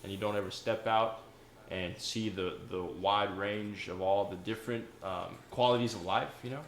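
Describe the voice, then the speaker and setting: A man's voice: on the low side, fairly even intonation, normal speed, a little hiss or hum. A man hosting a podcast, talking in a laid-back, reflective, easygoing casual chat. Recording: roomy room.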